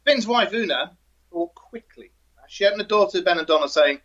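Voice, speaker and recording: A man's voice: sits high, lively intonation, normal speed, fairly bright tone. A male co-host of a live show, chatting and reading a folk tale with dry humor. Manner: dry, jokey storyteller. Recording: dull lo-fi audio.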